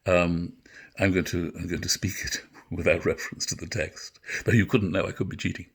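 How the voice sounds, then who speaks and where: An older man giving a literature lecture, reflective and halting, often correcting himself. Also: sits low, fairly even intonation, vocal fry, slightly rough. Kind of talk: literature lecture with recited verse.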